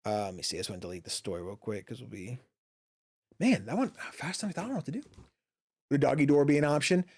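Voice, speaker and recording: A man's voice: medium pitch, fast talker, darkish tone, husky. Rambling, profane male gaming streamer. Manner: rambling, profane, many fillers and restarts. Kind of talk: casual chat while streaming a game. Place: home office.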